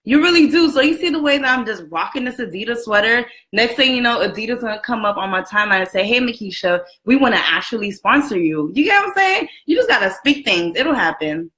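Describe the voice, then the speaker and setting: A woman in her twenties hosting a casual live video chat from a room at home, chatty and lively, greeting viewers by name and laughing often. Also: fairly high pitch, quick pace, hardly any pauses. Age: 20s. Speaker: livestream host. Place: room at home with a roommate next door. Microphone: camera and phone set up for a live stream.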